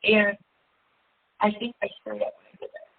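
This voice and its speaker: A woman hosting a self-help seminar, talking candidly and casually about her own life, laughing often and jumping up into a high pitch. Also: little pitch movement, normal speed, creaky. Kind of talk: casual personal monologue. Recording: tinny phone-like audio with faint hiss.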